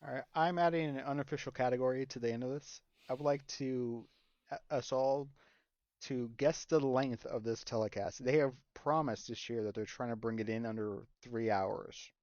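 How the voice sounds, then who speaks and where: Podcast co-host dude, laughs a lot, kinda dull muffled sound, dry room. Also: male voice, medium pitch, moderate pace, darkish tone, no room sound. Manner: laughs often, rambling asides. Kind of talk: casual chat. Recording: dull lo-fi mic.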